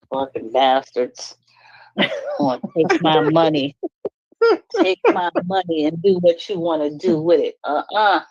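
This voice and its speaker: A woman's voice: low voice, expressive, slow pace, pauses often, darkish tone, dry recording, dull audio. A woman speaking up in an online talk room, venting bluntly and emphatically about her marriage and laughing as she talks. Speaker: caller sharing her story.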